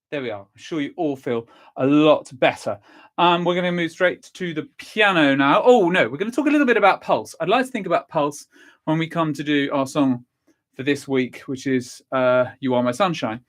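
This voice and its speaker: A cheerful man leading a vocal warm-up lesson, counting through the exercises and encouraging the listener, a little stuffy from a cold. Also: on the high side, normal speed. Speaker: singing and vocal warm-up teacher.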